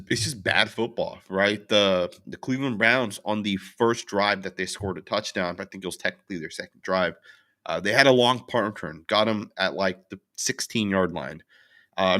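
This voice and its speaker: A young man with a low, deep voice and a bright, forceful edge, venting about a loss in a casual recap. He rambles and restarts, packs his talk with fillers, and stops to answer viewers' chat comments. His frustration holds steady from start to finish. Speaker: sports channel host. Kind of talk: casual post-game recap, reading chat.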